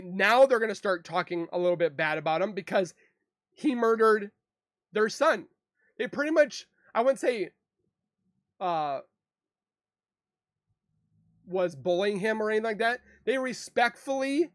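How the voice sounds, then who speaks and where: A man's voice: high voice, a bit bright, no echo, clean studio sound. Upset man ranting defensively. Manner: defensive, rambling, repeats himself. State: emotional, upset. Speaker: true crime YouTuber. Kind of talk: emotional monologue to camera.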